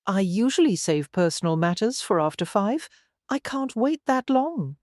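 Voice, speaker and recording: An easygoing, wry businessman from Texas, confident and a little teasing, as a woman narrator reads his lines. He speaks at a mid pitch in a dry, close audiobook recording with no room sound. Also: big pitch swings, normal speed, a little mellow, no echo, lightly acted.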